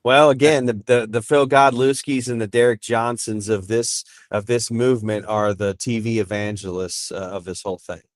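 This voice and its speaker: A man's voice: medium pitch, steady tone, moderate pace, few pauses, dry recording. Male author guest, ranting and emphatic, swears a lot, dry close sound. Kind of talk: casual profane chat.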